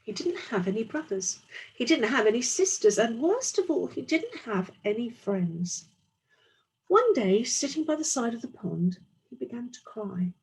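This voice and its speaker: A woman's voice: on the high side, very animated, normal speed, breathy edge, poor audio. A woman teacher reading a storybook aloud to young children, explaining as she goes.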